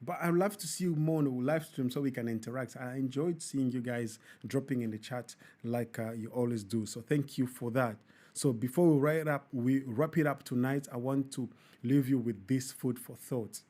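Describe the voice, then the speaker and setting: A man's voice: mid-range voice, moderate pace, mellow. A man hosting a studio talk show, closing it with earnest, preachy Christian words. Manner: earnest, preachy, then joking with studio crew. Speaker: host.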